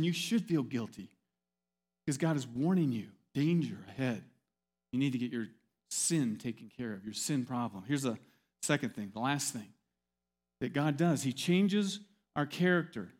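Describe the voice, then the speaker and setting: A man's voice: on the high side, a little mellow. A man preaching a sermon as pastor, emphatic and repetitive, weaving in stories.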